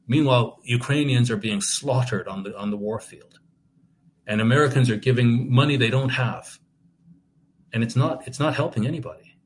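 A man's voice: mid-range voice, slight background noise. A man preaching a sermon, impassioned and indignant, often restarting his words as he reads and comments on scripture.

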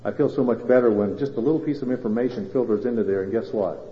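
Pastor guy preaching, loud then quiet, keeps asking the crowd questions, big echoey church, kinda muffled recording. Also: medium pitch, quick pace. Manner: swings between loud emphatic and quiet intimate phrasing, asks the congregation questions. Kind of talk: sermon. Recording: roomy hall reverb, dull lo-fi sound.

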